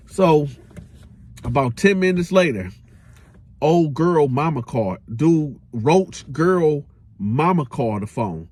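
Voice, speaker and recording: A man hosting a casual storytime, telling a prison tale in animated slang with his own sound effects. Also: on the high side, slow, no echo. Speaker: storyteller host.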